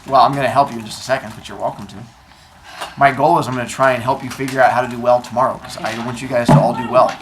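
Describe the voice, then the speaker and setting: A male teacher with a mid-range voice races through a quiz with a classroom full of seventh graders, explaining steadily step by step while tossing in dry, sarcastic asides. The recording is noisy, with students chattering in the background.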